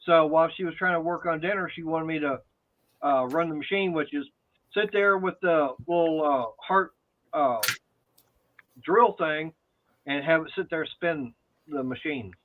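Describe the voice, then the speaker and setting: A man's voice: fairly high pitch, normal speed, long pauses, slight background noise. Teasing man over tinny sound. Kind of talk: casual chat.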